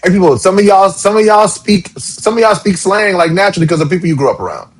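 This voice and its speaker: A man's voice: high voice, expressive, fast talker, a little hiss or hum. A man from Charleston, co-hosting a podcast in casual chat and explaining his views earnestly. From Charleston, South Carolina. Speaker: podcast co-host.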